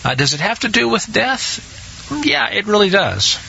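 A man's voice: high voice, big pitch swings, normal speed, vocal fry, pushed and bright, a little hiss or hum. A man teaching a scripture study, hesitant with many restarts and acting out the quotes, on a dull lo-fi recording. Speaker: Bible teacher.

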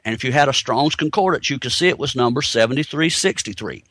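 A man's voice: mid-range voice, expressive, fast talker, a bit bright, no echo. A man giving a teaching sermon, explaining points step by step and asking rhetorical questions. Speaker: Bible teacher.

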